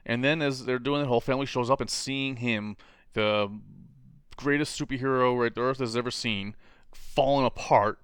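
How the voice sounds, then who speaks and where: A man chatting casually about comics, animated and quick to mimic characters in silly voices. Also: medium pitch, clean tone, no echo, studio quality. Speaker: comic book podcast co-host. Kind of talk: casual chat.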